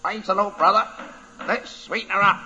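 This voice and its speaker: Guy putting on a squawky little parrot, high chirpy sing-song, bright tone, kinda muffled recording. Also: steady tone, moderate pace, slight background noise. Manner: high squawky repetitive chant. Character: chirpy preaching male parrot. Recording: dull lo-fi recording.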